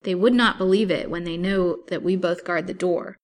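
A woman's voice: fairly low pitch, steady tone, moderate pace, lightly acted. A woman voicing a stubborn, fierce old woman, a wicked wife who plots murder with grim resolve.

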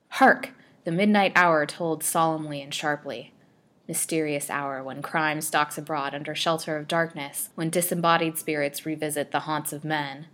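A woman narrating a serialized gothic storybook with a dramatic, expressive reading. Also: low voice.

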